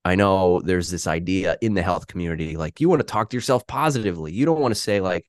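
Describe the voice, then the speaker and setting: A man's voice: deep voice, fast, hardly any pauses, no echo, clean studio sound. A man talking candidly on a podcast, self-deprecating and casual, with frequent restarts.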